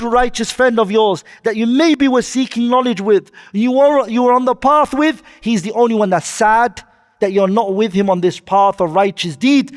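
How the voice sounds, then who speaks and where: Male preacher, high register, delivers a sermon with Arabic quotes and questions to the crowd, reverberant hall. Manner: quotes Arabic then explains in English, asks the audience questions. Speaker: Islamic preacher.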